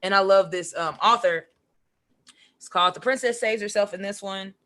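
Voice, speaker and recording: A woman's voice: mid-range voice, normal speed. A woman, a podcast guest chatting casually and acting out quotes, with lots of "like". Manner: animated, says "like" a lot, acts out quotes. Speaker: podcast guest, comic writer and poet. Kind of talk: casual chat.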